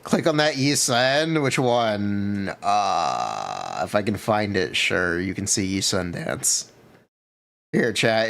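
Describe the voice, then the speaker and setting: A man's voice: fairly low pitch, sing-song, takes it slowly, creaky, a bit bright. A man streaming live and chatting casually with his viewers, laid-back and reacting to chat.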